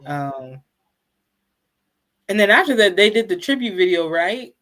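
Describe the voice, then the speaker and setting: A woman's voice: mid-range voice, very animated, unhurried, fairly bright tone. A woman co-hosting a casual chat, retelling scenes by quoting people and laughing. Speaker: co-host.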